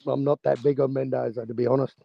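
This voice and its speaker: An excited man calls into a live show, talking bluntly and swearing freely. His voice is gravelly and husky, and the call audio comes through dull and lo-fi. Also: mid-range voice, quick pace. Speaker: guest caller. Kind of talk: casual chat.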